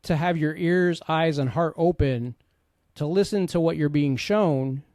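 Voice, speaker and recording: A middle-aged man with a fairly high voice shares his life story in an earnest, conversational way, dropping in frequent asides. He speaks as a podcast host and coach. The sound is dry and close, with no room around it. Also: unhurried, a little mellow, dry recording. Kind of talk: candid personal storytelling.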